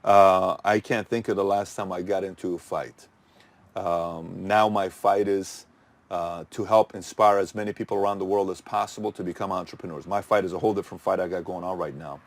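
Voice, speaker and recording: A man's voice: low voice, fairly even intonation, fairly quick, gravelly. A middle-aged man hosting his channel, giving a punchy motivational talk full of rhetorical questions that he answers himself. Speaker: channel host.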